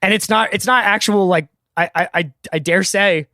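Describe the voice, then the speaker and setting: A man's voice: high-pitched, moderate pace, sharp tone, no echo, studio quality. A man co-hosting a podcast in casual chat, wry and laid-back, often tagging lines with "man". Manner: laid-back, wry, uses 'man' a lot. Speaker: podcast co-host.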